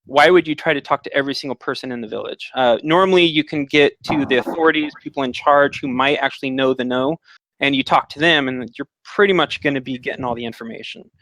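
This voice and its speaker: A man's voice: mid-range voice, quick pace, fairly bright tone, no echo, rough recording. A man narrating a tabletop game as dungeon master, explaining rules with many filler words.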